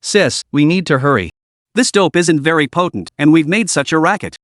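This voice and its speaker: A man's voice: a little high, expressive, normal speed, fairly bright tone, no echo, clean studio sound. A man doing a scheming young man faking urgency. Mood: urgent. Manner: urgent, pleading.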